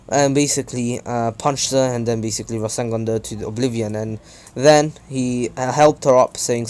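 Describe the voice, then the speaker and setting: A young man narrates a fan-made story in a loose, unscripted way. His voice sits at an ordinary middle pitch. He rambles, stumbles over words and keeps correcting himself between fillers. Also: steady tone, normal speed, darkish tone. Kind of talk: casual fan-story retelling.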